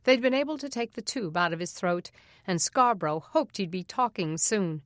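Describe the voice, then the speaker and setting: A woman reading a suspense audiobook in a steady, even narration. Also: medium pitch, moderate pace, no echo, studio quality.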